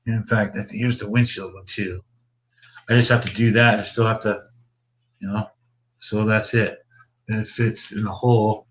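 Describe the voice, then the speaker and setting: A man's voice: fairly low pitch, little pitch movement, normal speed, long pauses, slight background noise. A man hosting a casual livestream, chatting about his model builds in a rambling way, with swearing and chuckles. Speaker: slot car builder and show host.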